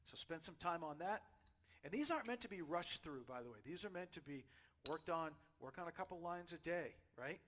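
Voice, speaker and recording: A man giving a casual drum lesson, chatty and relaxed, checking in with "okay?" and "right?" as he explains. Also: fairly high pitch, a little fast, a little hiss or hum. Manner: counts beats aloud loudly while drumming. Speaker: drum teacher. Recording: drum kit playing behind the voice.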